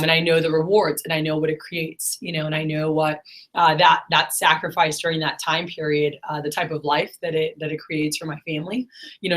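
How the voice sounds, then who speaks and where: A woman's voice: sits low, fairly bright tone, poor audio. A middle-aged woman talking casually and earnestly to her viewers, rambling with many fillers and pep-talk asides. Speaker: vlogger, business manager.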